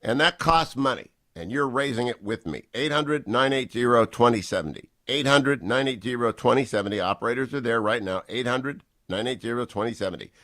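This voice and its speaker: A man's voice: medium pitch, bright, forceful tone, dry recording. Jovial man hosting a talk radio show. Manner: brisk, jovial banter.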